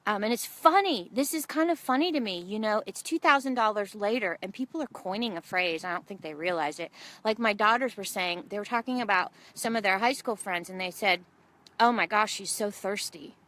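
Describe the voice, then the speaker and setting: Bright, animated woman preaching. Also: mid-range voice, fairly quick. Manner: animated storytelling, acts out quotes. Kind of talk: sermon.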